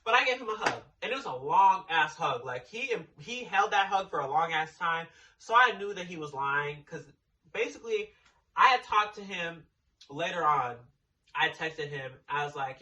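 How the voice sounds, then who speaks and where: Young man, storytime vlogger, blunt, sassy, swears a lot, fairly high voice. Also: lively intonation, normal speed, bright, forceful tone, recorded from a distance, poor audio. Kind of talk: casual storytime.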